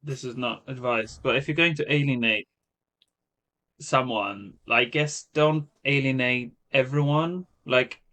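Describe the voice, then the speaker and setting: Co-host, bright voice, rambling sardonic chat. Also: male voice, mid-range voice, unhurried. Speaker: podcast co-host. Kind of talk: casual chat.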